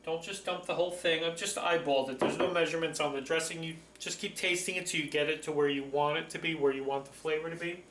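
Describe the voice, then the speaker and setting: A fairly high-voiced man hosts a homey cooking demo, talking viewers through each step in a chatty, folksy way and gushing over the food. He sounds like he is in a roomy, echoing kitchen, with a faint clatter of dishes behind him. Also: fairly even intonation, fast, hardly any pauses, fairly bright tone, a little hiss or hum. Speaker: cooking show host. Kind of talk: casual cooking demonstration.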